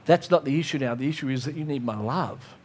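A man preaching a sermon, acting out his own prayers and God's replies in lively dialogue. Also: mid-range voice, fast. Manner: animated, acts out dialogues with God.

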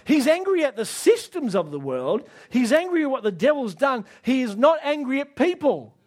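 A man preaching a sermon, emphatic, asking the audience direct questions and rising to near shouts on key lines. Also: very high-pitched, very animated, normal speed.

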